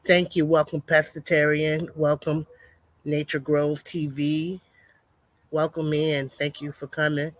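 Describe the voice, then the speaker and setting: A woman's voice: deep voice, level tone, no room sound. Chatty woman livestreaming, dry sound. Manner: chatty, greets chat, reads labels aloud haltingly. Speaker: homestead livestreamer. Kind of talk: casual livestream chat.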